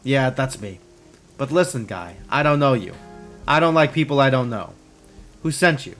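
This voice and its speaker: A man's voice: mid-range voice, lively intonation, normal speed, a bit bright, soft background music. A man reading as a brash hungover cyber doctor. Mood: gruff. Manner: cheerful, brash, wisecracking. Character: boisterous hungover middle-aged male cyber doctor.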